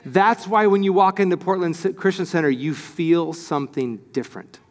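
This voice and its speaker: Pastor, male, high voice, lively sermon delivery, long church reverb. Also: moderate pace. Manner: animated, acts out quoted voices, excited.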